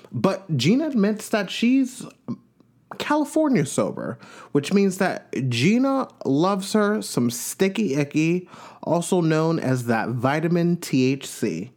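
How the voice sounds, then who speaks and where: A man's voice: a little high, darkish tone. A man from Long Island, New York, hosting a podcast and giving a chatty, gossipy recap of a reality show with playful asides. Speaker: podcast host.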